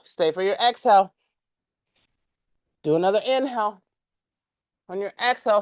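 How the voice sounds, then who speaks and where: A woman teaching a yoga class, giving calm, measured cues timed to the breath and stretching out repeated words. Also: mid-range voice, no echo, studio quality. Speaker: yoga instructor.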